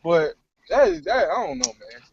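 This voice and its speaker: A man's voice: on the high side, wildly swooping pitch, moderate pace, creaky, muffled recording. A man calling into a sports talk show, laid-back, explaining at length. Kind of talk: casual sports chat.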